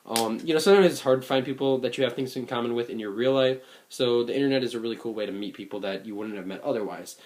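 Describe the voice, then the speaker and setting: A man's voice: mid-range voice, quick pace, darkish tone. A young man in his late teens talks in a casual reflective vlog. He sounds earnest and rambling, with many fillers and restarts. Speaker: vlogger.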